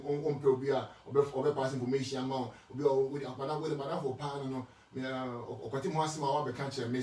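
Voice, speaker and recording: A man with a Ghanaian accent and a fairly high voice talks casually about faith and marriage. He moves between Twi and English, restarting and repeating words as he goes. He is set back from the mic in a roomy, echoing space. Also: darkish tone. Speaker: speaker answering marriage questions. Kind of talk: casual Christian teaching talk. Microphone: distant from the mic. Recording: echoey room, speaker far from the mic.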